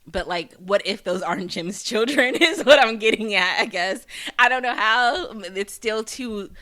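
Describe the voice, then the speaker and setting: Bright-voiced chatty woman podcaster. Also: mid-range voice, measured pace. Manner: chatty, rambling, with many fillers and restarts; animated, swears for emphasis. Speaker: podcast host. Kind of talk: casual TV episode recap.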